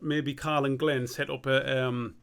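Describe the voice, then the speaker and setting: Gravelly, sweary man. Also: medium pitch, flat delivery, measured pace, a bit bright. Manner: rambling, sweary, thinking aloud. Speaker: streamer and animator. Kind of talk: casual live-stream chat.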